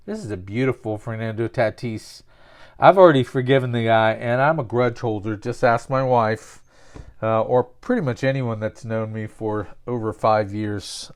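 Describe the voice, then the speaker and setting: A man's voice: mid-range voice, clean tone. A man casually talking through a card opening, rambling and joking at his own expense. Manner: rambling, jokey, self-mocking. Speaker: sports card collector opening packs. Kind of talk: casual pack-opening commentary with absurd storytelling.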